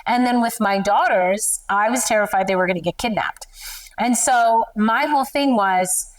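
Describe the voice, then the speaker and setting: A middle-aged woman, a photographer guest, telling personal stories in an animated, emotional way and laughing often. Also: medium pitch, moderate pace, far from the mic. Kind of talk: candid interview storytelling.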